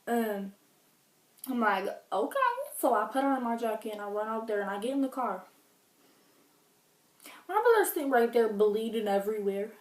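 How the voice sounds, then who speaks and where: A woman vlogger tells a chatty storytime at home, indoors, with dramatic asides while a furnace runs. Her voice is a little high and expressive, at a normal speed with long pauses. The recording is roomy and faintly noisy, with her distant from the mic.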